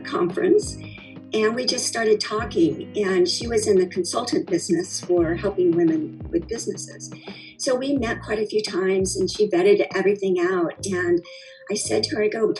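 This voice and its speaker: A woman's voice: mid-range voice, a little mellow, rough recording. A middle-aged woman telling her story as a guest in an interview, chatty and rambling with many fillers and restarts. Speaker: founder of a cocktail company, interview guest. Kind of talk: conversational interview.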